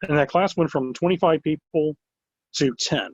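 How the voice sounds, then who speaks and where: A man who owns a wrestling promotion, telling stories in a casual interview with an animated, rambling manner and many filler words. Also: on the high side, normal speed, dry recording. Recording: dull lo-fi recording.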